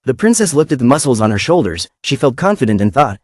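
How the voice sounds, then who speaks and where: A man's voice: mid-range voice, sing-song, fast, no echo, clean studio sound. A man narrating a comic story recap in a plain storytelling manner.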